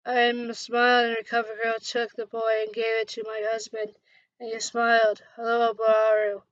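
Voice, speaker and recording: A woman reads her own fan story aloud, slow and halting, often restarting words. Her voice is fairly high but flat in tone. The recording is dull and dry, with no room around it. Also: no echo. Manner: halting, stumbling, self-correcting. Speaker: fan fiction reader.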